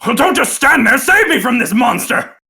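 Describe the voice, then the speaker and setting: A man voicing a greedy, panicky male dwarf captive who shouts in a shrill, frantic voice. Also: sing-song, normal speed, gravelly, heavily acted. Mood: panicked.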